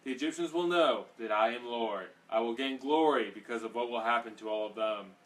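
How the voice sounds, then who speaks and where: A man reading the Lord, loud and commanding. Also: medium pitch, fairly quick, close to an everyday voice. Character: the Lord speaking to Moses, commanding. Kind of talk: scripture read aloud. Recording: distant mic, faint background noise.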